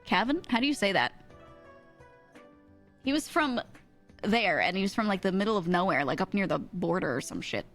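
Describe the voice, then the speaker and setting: A woman's voice: medium pitch, sing-song, moderate pace, long pauses, fairly bright tone, faint music behind. An American woman streamer telling a story in casual chat, rambling with lots of fillers and frequent laughter.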